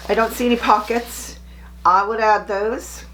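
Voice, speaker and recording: A woman's voice: fairly high pitch, fairly even intonation, measured pace, fairly bright tone, a little hiss or hum. A middle-aged woman chatting casually to camera as a sewing vlogger, chirpy and self-deprecating.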